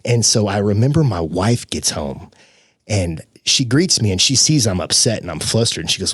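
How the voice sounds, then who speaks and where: A young man with a fairly low voice tells his story on a podcast. He is animated and voices the people in his tale. His voice sounds dry and close to the microphone. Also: normal speed, breathy edge, no room sound. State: tearful. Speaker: podcast guest. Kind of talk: emotional personal storytelling.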